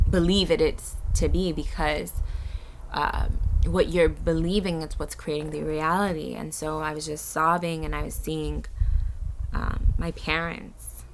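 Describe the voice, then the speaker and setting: A woman from the Bronx, speaking as a vlogger in a soft, halting way that searches for words while she tells a personal story. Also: sits low, little pitch movement, slight background noise. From the Bronx, New York. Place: eco-village in a jungle.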